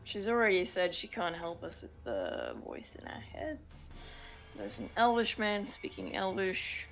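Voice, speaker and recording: A woman takes her turn in a tabletop role-playing game, casual and hesitant, with fillers as she thinks aloud. Her voice has some vocal fry, and faint music plays behind her. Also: medium pitch, wildly swooping pitch, unhurried. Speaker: player.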